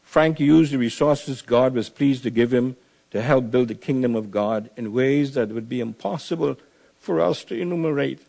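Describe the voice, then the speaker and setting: A man gives a funeral eulogy at a middle pitch. His voice is dark and mellow. He speaks in a measured, solemn way and presses hard on the key lines like a preacher. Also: creaky.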